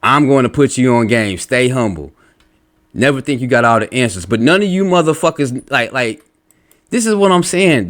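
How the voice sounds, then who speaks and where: A man's voice: medium pitch, expressive, normal speed, a bit bright. A man reacting to online comments in an angry, profane rant, lecturing bluntly and combatively. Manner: lectures while reading out comments. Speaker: religious commentator.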